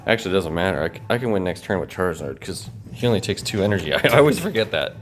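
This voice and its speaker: A man casually commenting on his own card game, animated and self-mocking. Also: low voice, rapid-fire, a little hiss or hum. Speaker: host, card game player.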